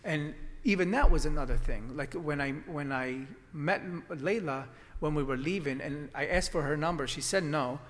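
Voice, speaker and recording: A man's voice: fairly high pitch, normal speed, few pauses, fairly bright tone. Rambling man in a reverberant room. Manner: rambling, many restarts and fillers. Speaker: acupuncturist guest. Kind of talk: casual storytelling conversation.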